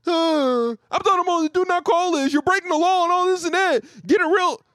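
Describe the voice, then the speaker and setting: A man voicing an angry, entitled man complaining on the phone in a whiny, high voice. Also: fairly quick, fairly bright tone, dry recording, clean studio sound. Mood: indignant.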